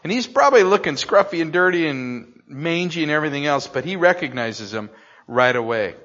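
An older man preaching a sermon, dropping to slow hushed phrases and then rising loud and excited. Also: a little high. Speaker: pastor. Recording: slightly dull, lo-fi.

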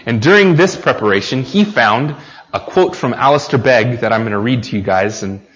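A man's voice: mid-range voice, expressive, normal speed, fairly bright tone, long reverb tail. Earnest American man preaching a sermon. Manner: earnest, speaks directly to the congregation with questions. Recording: slightly dull lo-fi recording.

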